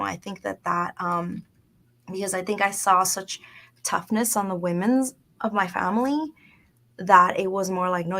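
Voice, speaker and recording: A woman in her thirties, with a lowish, creaky and slightly bright voice, tells stories in relaxed radio talk. Spanish phrases crop up throughout her English, and she's captured on a studio microphone.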